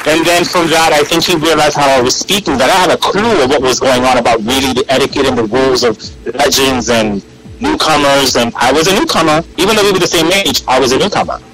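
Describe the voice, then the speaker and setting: A man guest telling animated stories in a casual interview, acting out what people said. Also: mid-range voice, fast talker, rough recording. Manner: animated, acts out quoted voices, frequent restarts. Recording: radio interview with loud music and crowd behind.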